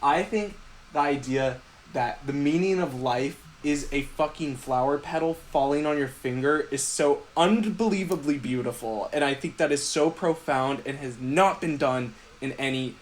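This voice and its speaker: A man with a fairly high voice talks in a casual film debate on a podcast. He is blunt and teasing and swears freely. Faint room ambience sits under him. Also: normal speed, slight background noise. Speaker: podcast co-host.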